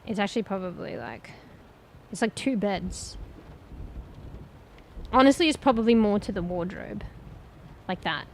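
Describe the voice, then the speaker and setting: A woman's voice: medium pitch, expressive, measured pace, gravelly, long pauses, slight background noise, rough recording. A woman streaming a game and chatting casually with viewers, thinking aloud and swearing now and then. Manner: chatty, addresses viewers directly. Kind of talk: casual gameplay commentary.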